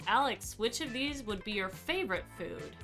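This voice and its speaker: A woman's voice: mid-range voice, animated, normal speed, gravelly, a bit bright, faint music behind. A woman playing a tabletop game, chatting casually and reading options aloud in a teasing way. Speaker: player.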